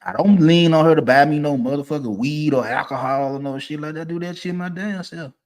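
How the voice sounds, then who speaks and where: A man, ranting casually and profanely, swinging from low mutters to loud, emphatic bursts. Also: a little fast. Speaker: streamer giving opinions.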